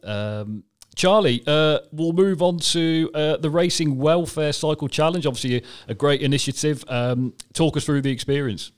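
A man's voice: a little high, normal speed, smooth. A man hosting a podcast, chatting in a hesitant way with many fillers. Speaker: podcast host. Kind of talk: casual interview chat.

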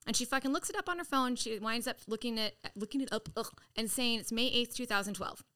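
A woman's voice: on the high side, fast, clear, resonant tone. A woman guest on a podcast telling her story in casual, profane speech, acting out quoted lines. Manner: animated, profane, acts out quotes.

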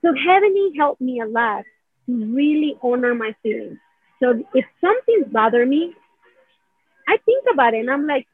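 A high, animated woman's voice with a breathy edge moves at a moderate pace in a dry recording. She's explaining a healing technique conversationally and rambles, sprinkling in "right?" and acting out feelings through quotes. The sound is narrow, like a phone line.

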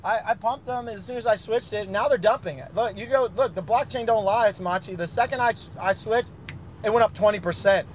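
A man's voice: high-pitched, a little fast, slight background noise. A man boasting and ranting profanely in a casual chat. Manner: brash, boastful, rambling rants.

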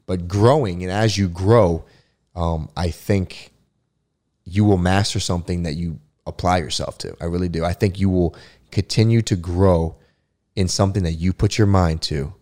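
A man with a fairly low voice talks as an interview guest, looking back on his sports career in a relaxed, conversational way. He is reflective and emphatic and often stumbles over and repeats a word before pushing on. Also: normal speed. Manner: reflective and emphatic, repeats words when restarting. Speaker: podcast guest, former pro football player.

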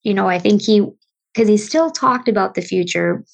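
A middle-aged woman from Wisconsin with a gravelly, creaky edge to her voice speaks as an interview guest. She tells her story haltingly, with many restarts and fillers, at an ordinary mid pitch. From Wisconsin, United States. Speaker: guest, bereaved mother. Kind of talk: emotional personal storytelling in an interview.

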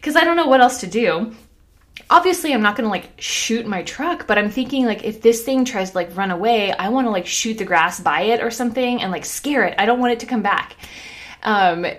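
A woman in her thirties hosting a podcast, telling a story in a casual, animated way, laughing often and saying "like" a lot. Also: mid-range voice. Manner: animated, laughing, heavy use of "like". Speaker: podcast host.

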